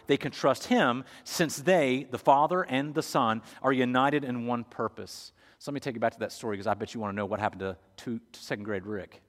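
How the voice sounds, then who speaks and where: A man preaching a storytelling sermon, moving from loud to hushed, in a church. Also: mid-range voice. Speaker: pastor. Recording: echoey hall.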